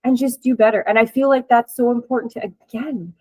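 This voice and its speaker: A woman's voice: a little high, fairly even intonation, fairly quick, a little mellow, breathy edge, no room sound, rough recording. Chatty woman host, dry close sound. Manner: chatty, laughs often, many fillers. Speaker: host and coach. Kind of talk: casual interview chat.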